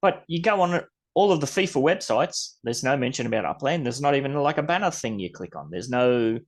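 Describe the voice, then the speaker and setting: A man's voice: medium pitch, expressive, a little fast. A man with an Australian accent hosting a podcast in rambling, casual chat, swearing mildly. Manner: rambling, chatty, mild swearing. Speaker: podcast host.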